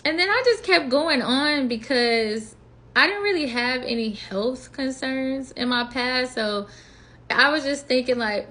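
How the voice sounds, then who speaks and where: A woman's voice: high voice, unhurried. A woman in her twenties telling a personal story in a casual, chatty vlog, acting out what she thought and said. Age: 20s. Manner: chatty, animated retelling with quoted inner voice. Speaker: vlogger.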